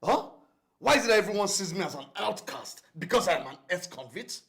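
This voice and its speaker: An actor playing a frustrated male ex-convict who keeps his temper in check, gravelly and sinking to a whisper. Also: very deep voice, expressive, normal speed, a bit bright, full character voice. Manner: pained, pleading outbursts. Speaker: ex-convict mechanic.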